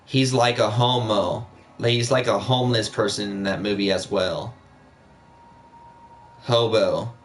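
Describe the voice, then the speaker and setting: A man's voice: fairly low pitch, fairly even intonation, a little slow, pauses often, a little hiss or hum. A young man chatting casually on a live stream, rambling with many fillers and repeating himself.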